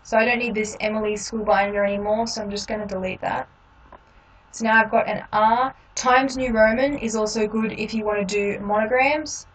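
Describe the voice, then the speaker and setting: A woman hosting a step-by-step software tutorial, explaining each click in a relaxed way with frequent ums. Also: medium pitch, normal speed, recorded from a distance, a little hiss or hum, poor audio. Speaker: tutorial host.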